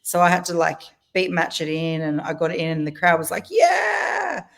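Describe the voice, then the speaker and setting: A woman's voice: low-pitched, level tone, fast. A middle-aged Australian woman, a guest DJ, telling stories in a casual chat, laughing often and acting out what people said. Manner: chatty storyteller, laughs often, acts out quotes.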